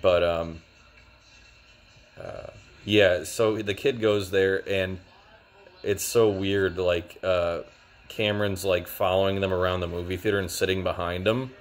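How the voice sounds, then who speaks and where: Low-voiced young guy, loose rambling reviewer, heavy on fillers. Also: fairly even intonation, unhurried, soft background music. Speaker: show reviewer. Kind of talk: casual video review.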